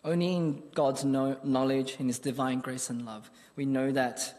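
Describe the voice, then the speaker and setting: A man's voice: medium pitch, little pitch movement, moderate pace, a little mellow, in a large hall. A man preaching a sermon, telling a personal story in an earnest, conversational way.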